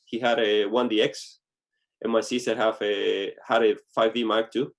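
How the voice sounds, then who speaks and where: A man's voice: lowish voice, little pitch movement, normal speed. A man being interviewed as a guest photographer, talking casually and often restarting his sentences with small slips.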